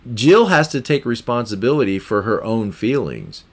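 Male podcast host, mid-pitched, repetitive emphatic self-help talker. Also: very animated, moderate pace. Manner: repetitive, emphatic, acts out example scenarios. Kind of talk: motivational self-help talk.

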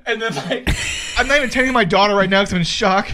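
A man's voice: high voice, fast, crowd noise. A man in his thirties, a podcast co-host, telling a story animatedly, swearing and laughing as he goes. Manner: animated storytelling, acts out his own shouts; swears freely, laughs through his stories. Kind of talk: casual chat.

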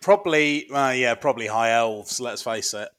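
A man's voice: medium pitch, moderate pace, a crowd in the background. Joking, rambling man on a podcast. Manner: joking, rambling, many fillers. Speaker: podcast guest. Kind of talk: casual chat.

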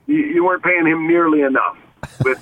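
A man's voice: a little high, brisk, fairly bright tone. A male basketball analyst calling into a radio show, joking in playful banter. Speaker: basketball broadcast analyst, guest. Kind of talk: casual radio interview. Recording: phone line call-in.

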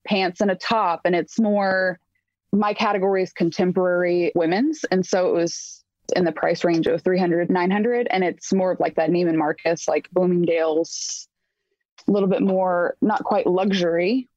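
A chatty woman with a fairly low voice joins a podcast as a guest over a video call, rambling loosely through her answers. The sound is dull and dry, with the muffled top end of a call. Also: fairly even intonation, moderate pace, a little mellow, no room sound. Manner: chatty, many "like" fillers. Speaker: guest, fashion designer. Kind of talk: casual interview.

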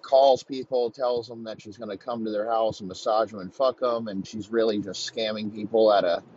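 A man's voice: on the low side, steady tone, darkish tone, dull audio, slight background noise. A man telling a crude improvised comedy story, rambling, swearing often and restarting sentences. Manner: rambling, profane, halting restarts.

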